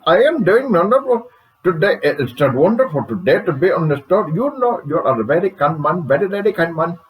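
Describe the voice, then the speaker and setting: A man's voice: on the high side, very animated, brisk, pitched above the performer's own voice, low-quality recording. A man voicing a cheerful, indignant male radio guest, in a sing-song manner. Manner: chirpy, sing-song, exaggerated.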